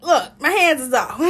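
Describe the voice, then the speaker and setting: A woman with a high, slightly breathy voice talks casually about her faith. She is joyful and preachy, laughs often and rambles from one thought to the next. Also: fairly bright tone. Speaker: Christian woman sharing testimony.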